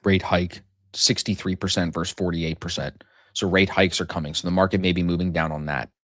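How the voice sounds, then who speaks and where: Low-voiced guy hosting a trading stream, joking and cussing, dry close sound. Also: steady tone, brisk, fairly bright tone, dry recording. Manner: brash, joking, swears freely. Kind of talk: casual live-stream chat.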